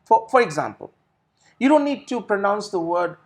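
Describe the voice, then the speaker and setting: A middle-aged IELTS trainer answers questions in a recorded Q&A, explaining step by step and often repeating words and restarting phrases. His voice is high-pitched, very animated, breathy-edged, and fried, at a moderate pace.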